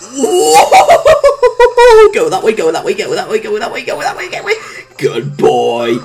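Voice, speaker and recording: A woman commentating her own video game playthrough, excitable, coaxing her character along, humming tunes and yelping at mishaps. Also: lowish voice, a little fast, heavy background noise. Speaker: gameplay commentator. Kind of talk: let's-play commentary.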